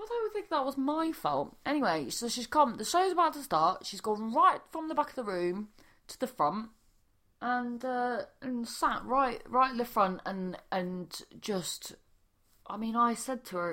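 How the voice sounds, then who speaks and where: A woman's voice: medium pitch, a bit bright. A young woman, a stand-up comedian, telling a rambling casual story with swearing and many restarts.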